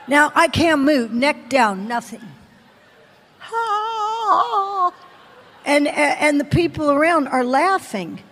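Woman preacher, high voice, slow dramatic delivery, long hall reverb, testimony style. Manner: dramatic storytelling, acting out voices, shouting and whispering by turns. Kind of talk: testimony sermon. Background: audience.

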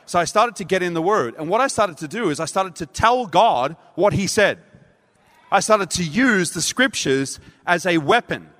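A man preaching a sermon, telling a story with animated delivery and acting out voices. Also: sits high. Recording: reverberant hall.

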